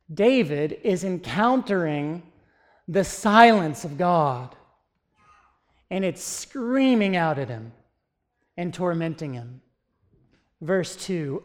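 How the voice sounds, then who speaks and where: A man's voice: sits high, expressive, slow, pauses often. A man preaching a sermon, earnest and asking his listeners rhetorical questions.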